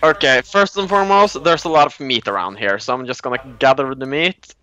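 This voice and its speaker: A man from Norway playing a co-op video game, laid-back and teasing with sudden high yelps. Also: fairly quick, pushed and bright, clear, resonant tone, dull audio. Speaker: gamer. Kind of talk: let's play co-op commentary.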